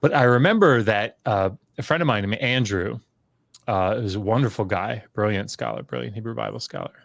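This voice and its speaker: Speaking as a podcast guest, a middle-aged scholar with a low, creaky voice rambles through a long story, a little fast, with plenty of fillers and restarts. He perks up when imitating other people's words. It's a close recording, dry with no room sound.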